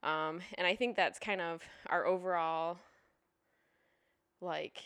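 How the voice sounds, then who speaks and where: A woman's voice: on the low side, steady tone, takes it slowly, a bit bright, smooth, dry recording. Playful rambling woman podcast co-host. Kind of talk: casual chat.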